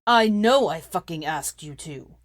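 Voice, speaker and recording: A woman's voice: low voice, normal speed, dry recording, studio quality. A woman doing a bitter, sneering young man. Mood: furious. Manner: sullen, sneering, erupts into shouting. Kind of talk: fan fiction reading.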